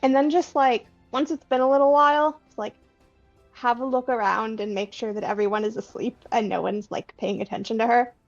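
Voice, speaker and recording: A woman tabletop player explaining her plans haltingly, padding her talk with fillers. Her voice is somewhat high, and it comes through a slightly muffled, lo-fi mic. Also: steady tone, gravelly, soft background music. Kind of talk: casual chat.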